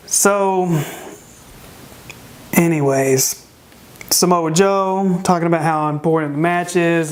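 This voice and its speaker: Sarcastic wrestling reviewer, voice going hoarse. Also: medium pitch. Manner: sarcastic, full of rhetorical questions. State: starting to lose voice. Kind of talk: casual spoken review.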